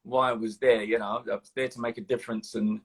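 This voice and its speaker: A husky older man with a London accent chats as an interview guest. He tells his story in an animated way, stopping often with ums and restarts. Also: mid-range voice, quick pace. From London, England. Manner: animated storytelling, hesitant fillers. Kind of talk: casual interview chat.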